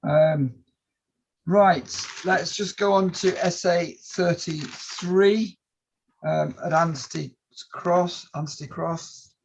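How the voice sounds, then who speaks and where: A man chairing a formal planning hearing over a video call, politely summarising submissions in a measured way with some hesitations. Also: a little high, creaky, a little hiss or hum. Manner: polite, measured, reads points aloud with hesitations.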